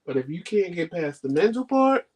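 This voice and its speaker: Chatty man with a higher voice. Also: normal speed, a little hiss or hum. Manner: animated storyteller, acts out quoted talk; loose, colloquial, addresses viewers directly. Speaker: vlog host. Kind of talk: casual chat.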